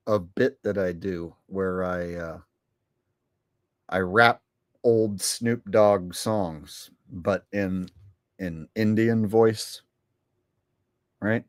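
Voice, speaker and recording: A man hosting his own livestream, chatting in a rambling, blunt way with plenty of swearing. He talks slowly and drawls, and his voice sounds dry and close. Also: fairly low pitch, no echo. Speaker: channel host. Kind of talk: casual livestream talk.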